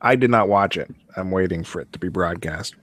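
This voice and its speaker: A man hosts a casual podcast, teasing his co-host and laughing often. His voice sits low and the sound is dry and close. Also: fairly quick, a bit bright, no room sound. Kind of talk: casual chat.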